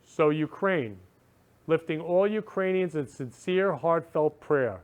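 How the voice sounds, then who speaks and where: A man's voice: on the high side, lively intonation, takes it slowly, clear, resonant tone. A man hosting a talk show, gushing and repeating himself, emotional, leading a spoken prayer.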